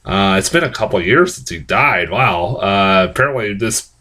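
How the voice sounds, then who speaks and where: A man's voice: on the low side, lively intonation, normal speed, bright, forceful tone. A man giving a casual spoken movie review, rambling and swearing, with many restarts and fillers.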